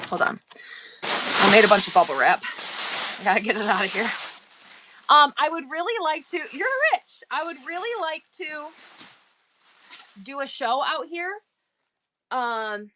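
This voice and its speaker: Bright-voiced, candid woman livestreaming. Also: high voice, a little hiss or hum. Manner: candid, rambling, emotional talk with many restarts; blunt and swears freely. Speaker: livestream seller and host. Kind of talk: casual livestream chat.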